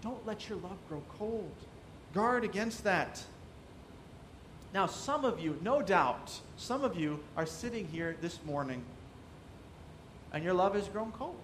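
A man's voice: high voice, animated, slow pace, pauses often, a little hiss or hum. A man preaching a sermon as pastor, asking the congregation rhetorical questions and acting out quoted voices.

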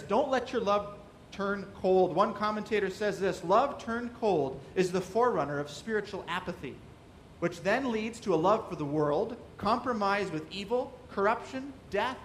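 A man's voice: high-pitched, lively intonation, normal speed, a little hiss or hum. A man preaching a sermon as pastor, asking the congregation rhetorical questions and acting out quoted voices.

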